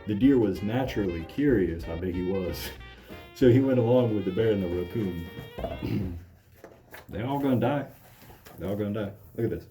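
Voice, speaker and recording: A man's voice: lowish voice, moderate pace, soft background music. A man reading a children's book aloud and breaking off into sarcastic, mocking commentary. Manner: deadpan, mocking asides. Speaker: comedic reader.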